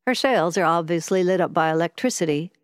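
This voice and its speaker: A woman's voice: lowish voice, brisk, smooth, no echo, studio quality, long reverb tail, natural voice. A woman voicing a self-important, superior male doctor in a storybook reading.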